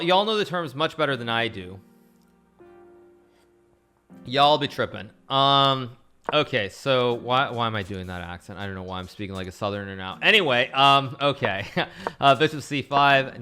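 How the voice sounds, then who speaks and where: A man's voice: medium pitch, bright, forceful tone. A man streaming a casual chess game analysis, rambling and often correcting himself. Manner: rambling, with frequent restarts and self-corrections.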